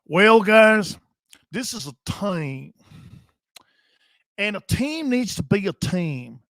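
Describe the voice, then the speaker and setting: Give me a folksy Southern-drawling older team owner, as a man puts him on, high voice. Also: sing-song, takes it slowly, a bit bright, no room sound, studio quality, exaggerated voice.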